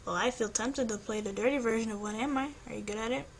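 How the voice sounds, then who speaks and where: A woman reading the lines of a tired teenage boyfriend in a flat, plain way, close to her own voice. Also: on the high side, quick pace, creaky, slight background noise. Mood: sleepy.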